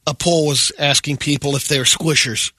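A man's voice: on the high side, steady tone, very noisy. A man co-hosting a morning radio show, reading quirky news items in casual banter. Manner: brisk news-item delivery.

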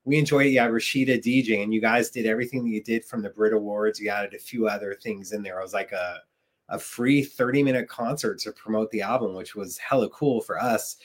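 Man, podcast host, casual interview, enthusiastic, lowish pitch. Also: fairly even intonation, brisk. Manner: enthusiastic, leading questions.

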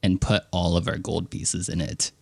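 A man's voice: little pitch movement, normal speed, gravelly, over a noisy crowd. A man playing a tabletop game in a goofy, joking manner. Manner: goofy and playful, jumps up in pitch for jokes. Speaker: player. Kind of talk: casual tabletop play.

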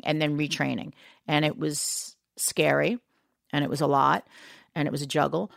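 A woman from New York speaks in a very low voice with a gravelly edge. She talks frankly and reflectively, calling her host "baby". The sound is dry and close. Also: no room sound. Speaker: singer, guest. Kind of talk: candid casual conversation.

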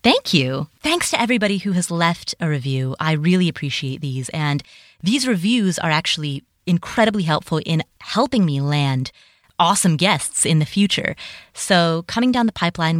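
She's a podcast host whose first language is Nepali, recording her solo show in a home closet on a home studio mic. In the outro she reads listener reviews, chatty, enthusiastic and carefully articulated, in a lowish voice. The sound is clean studio quality with no echo.

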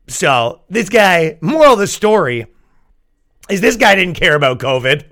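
A man hosting a comedy podcast, telling stories in an animated, exasperated rant. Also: sits high, unhurried. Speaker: podcast host. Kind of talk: comedic storytelling.

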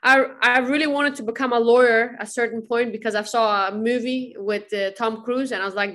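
A woman's voice: on the high side, fairly quick, few pauses. A young woman, a podcast guest, chatting casually and telling stories with lots of laughter. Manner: bubbly, laughs often, animated storytelling. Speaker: interview guest.

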